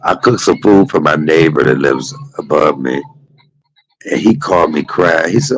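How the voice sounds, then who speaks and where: A man's voice: extremely low pitch, animated, normal speed, breathy edge, dry recording, poor audio. A middle-aged man hosting a livestream, telling casual stories in a chatty vernacular that drifts from one memory to the next. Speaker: livestream host. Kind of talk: casual storytelling monologue.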